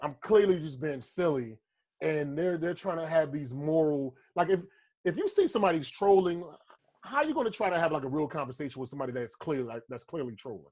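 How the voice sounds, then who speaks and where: A husky-voiced American man riffing loosely on a podcast, profane and rambling. His voice sits a little high for a man, and he jumps into mocking voices when he tells a bit. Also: lively intonation, fairly quick, a little mellow. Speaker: podcast co-host, comedian. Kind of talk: casual podcast banter.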